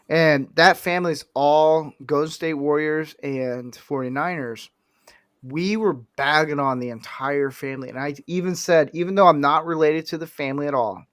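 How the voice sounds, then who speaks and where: Animated sports-loving man, dry close sound. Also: a little high, dry recording. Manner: animated storyteller, quotes people in put-on voices. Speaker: podcast co-host. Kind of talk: casual sports chat.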